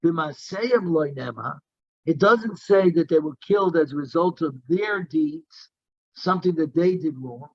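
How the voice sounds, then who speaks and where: A man's voice: a little high, expressive, unhurried, no room sound, dull audio. A man teaching a daily Talmud class, reading Aramaic text in a singsong and explaining it in English. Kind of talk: Talmud lesson, reading and translating.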